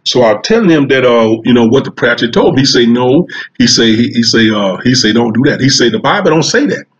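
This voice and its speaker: A man's voice: mid-range voice, lively intonation, fairly quick. A man telling a long, folksy comic story and acting out the dialogue. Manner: folksy, drawling Southern storytelling with quoted dialogue. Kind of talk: storytelling stand-up monologue. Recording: dull, muffled sound.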